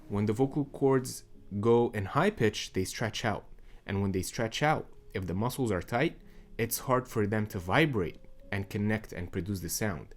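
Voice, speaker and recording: Man, young adult, voice coach, low pitch, calm, measured, instructional. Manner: calm, measured teaching delivery. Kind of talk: instructional explainer.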